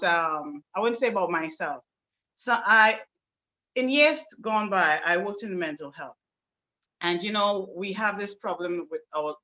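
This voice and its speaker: Trinidadian woman guest, bright and earnest, talking at length on a video call. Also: medium pitch, rough recording. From South Trinidad. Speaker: singer-songwriter and presenter. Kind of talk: guest speaking on an online show.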